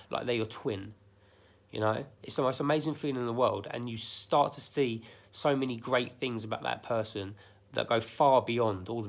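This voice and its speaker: A man giving blunt, emphatic life advice straight to his viewers, swearing freely and repeating himself. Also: medium pitch. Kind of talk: casual direct-to-camera monologue.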